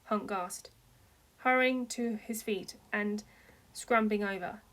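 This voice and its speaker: A woman's voice: mid-range voice, slow, a bit bright. A woman reading fan fiction aloud, narrating steadily and lifting her voice for the characters' cries. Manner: reads steadily, with voices rising into cries for dialogue. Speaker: fanfiction reader. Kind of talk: amateur read-aloud story narration.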